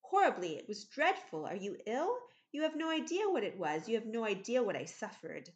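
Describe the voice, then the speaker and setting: A woman's voice: fairly high pitch, big pitch swings, fairly quick, echoey room. A woman reading aloud, voicing a distraught, petulant young man with raised, emotional delivery. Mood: cold, scornful. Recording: slightly muffled recording.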